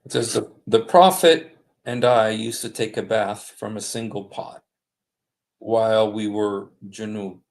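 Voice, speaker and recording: A man with a low, gravelly voice hosts a casual livestream. He reads passages aloud slowly, stopping often with fillers and apologies. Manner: halting, many fillers and apologies. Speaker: livestream host. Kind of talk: casual livestream commentary reading texts aloud. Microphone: desktop streaming mic.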